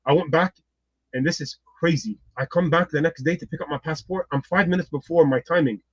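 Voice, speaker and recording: A man with a slightly high, husky voice rattles through a personal story at speed and acts out everyone in it. The sound is dry and a little muffled. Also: fairly quick, no room sound. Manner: lively, acts out the people in his story. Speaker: guest.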